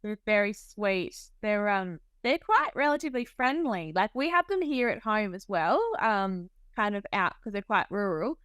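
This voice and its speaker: A young Australian woman, a midwife, chatting easily as a podcast guest, friendly and relaxed, often trailing off softly. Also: mid-range voice, moderate pace, hardly any pauses, clean tone, dry recording, clean studio sound. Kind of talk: casual interview chat.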